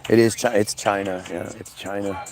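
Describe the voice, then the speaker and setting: A man's voice: on the low side, little pitch movement, moderate pace, gravelly, over music. A man ranting angrily in a commentary video, profane and sarcastic, and at times mocking others in put-on voices.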